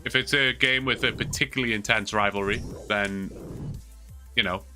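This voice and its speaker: Bright-voiced Geordie man telling stories. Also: on the low side, fairly even intonation, moderate pace, faint music behind. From Newcastle, England. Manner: rambling storytelling with fillers. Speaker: livestreamer. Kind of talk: casual chat to stream viewers.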